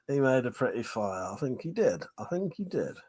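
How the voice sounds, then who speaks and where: A man's voice: mid-range voice, big pitch swings, unhurried, bright, forceful tone. A man hosting a live stream, chatting casually with viewers and laughing often between jokes and swearing.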